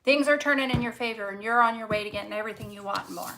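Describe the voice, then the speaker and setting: A woman's voice: medium pitch, steady tone, very fast, creaky, background noise. A woman reading tarot cards casually to camera, fervent and encouraging, swearing freely and repeating words for emphasis. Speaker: tarot reader.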